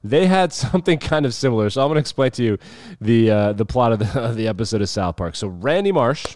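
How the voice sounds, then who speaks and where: A man's voice: medium pitch, animated, fast, a little mellow, no echo, studio quality. A young man co-hosting a podcast, telling stories in a rambling, casual way and laughing often. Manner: rambling storyteller, laughs often, acts out quotes. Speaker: podcast co-host. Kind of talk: casual chat.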